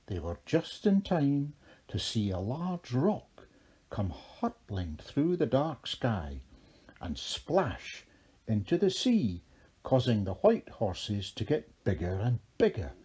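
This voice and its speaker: A man narrating a children's storybook in a measured, expressive way. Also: medium pitch, breathy edge.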